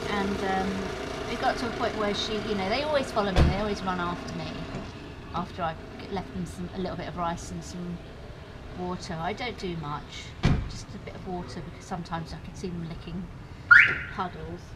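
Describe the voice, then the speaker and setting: A woman vlogging outdoors on a handheld phone, chatting in a rambling, casual way that sometimes turns soft and subdued. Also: on the low side, steady tone, brisk. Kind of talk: casual walking vlog. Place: outdoors on a street. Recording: noisy outdoor street.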